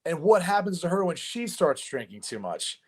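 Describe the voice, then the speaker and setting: Male podcast co-host, slightly high voice, animated and chatty, lots of fillers. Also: normal speed. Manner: animated storyteller with filler words. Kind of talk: casual sports chat.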